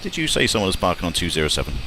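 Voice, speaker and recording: A British airline pilot streaming a flight simulator chats and jokes casually over voice chat, reading checklists aloud and swearing mildly. He speaks in a British English accent with a low-pitched voice, very animated and very fast, against background noise.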